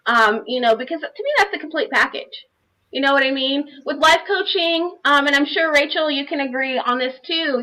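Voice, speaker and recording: Woman life coach telling her story on a video call, kinda high and bright, lots of "you know". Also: poor audio. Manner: earnest, heartfelt, many "you know" fillers. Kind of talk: personal testimony on a live panel.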